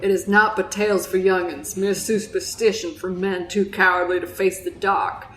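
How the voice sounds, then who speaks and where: A woman voicing a haunted old drunk sailor with a put-on Southern accent, telling his tale slowly and solemnly. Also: mid-range voice, flat delivery, fairly bright tone, a little hiss or hum, close to an everyday voice. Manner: slow, solemn storytelling, breaking into giggles. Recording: roomy echo.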